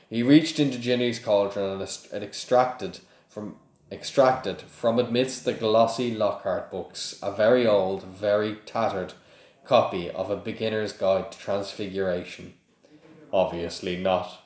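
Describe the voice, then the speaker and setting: A man reading a novel aloud to his listeners in a plain, steady way, with a few small slips. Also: lowish voice, measured pace. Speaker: reader of a book to listeners. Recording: echoey room.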